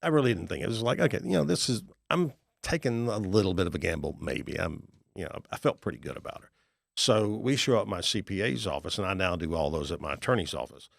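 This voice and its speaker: A man's voice: sits low, quick pace, gravelly, no echo, clean studio sound. A middle-aged man, a real estate investor telling folksy stories in a podcast interview and acting out the people in them. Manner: folksy, animated storyteller acting out dialogue.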